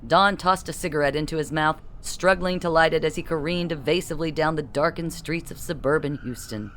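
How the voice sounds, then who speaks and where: A narrator reading a comic science-fiction story with brisk, comic storytelling. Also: medium pitch, a bit bright, a little hiss or hum. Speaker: audiobook narrator. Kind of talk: scripted narration.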